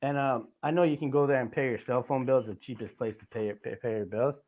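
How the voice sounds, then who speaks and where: A man's voice: medium pitch, steady tone, fairly quick, phone-quality sound. A man hosting a casual podcast, telling a rambling, profane story with lots of asides. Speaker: podcast host.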